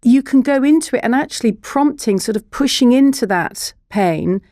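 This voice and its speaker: A woman's voice: high-pitched, expressive, moderate pace, a little mellow, no room sound, clean studio sound. A middle-aged woman, a child therapist and broadcaster, explaining things earnestly as a guest in a podcast interview. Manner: earnest, explanatory, science-minded.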